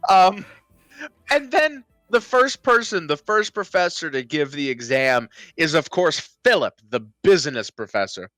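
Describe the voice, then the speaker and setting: A man's voice: fairly high pitch, big pitch swings, measured pace, a bit bright, no echo, soft background music. A man co-hosting a podcast, retelling film scenes in casual chat and often laughing. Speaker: podcast co-host.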